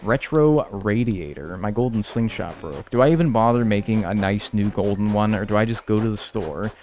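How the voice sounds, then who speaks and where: A man's voice: on the low side, normal speed, a little mellow. A young man streaming a life-sim game, rambling casually and answering chat with self-deprecating humor.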